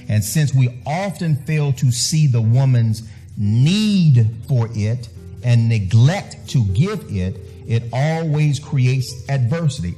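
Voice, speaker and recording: A male pastor delivering a sermon with emphasis, driving points home by repeating words. His voice has a mellow, warm tone. Soft music plays faintly behind him. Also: mid-range voice, animated, slow. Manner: emphatic, repeats phrases for stress.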